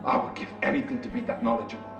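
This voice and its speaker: Preacher voicing an emotional old husband. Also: male voice, rapid-fire, fairly bright tone, lightly acted. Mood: earnest. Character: elderly husband returning home, passionate. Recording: distant echoey dull recording with music.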